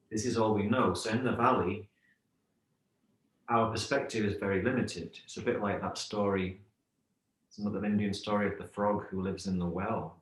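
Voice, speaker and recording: A middle-aged man talking reflectively as a podcast guest, telling stories and analogies in a thoughtful way. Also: fairly low pitch. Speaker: yoga teacher, podcast guest. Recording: roomy echo.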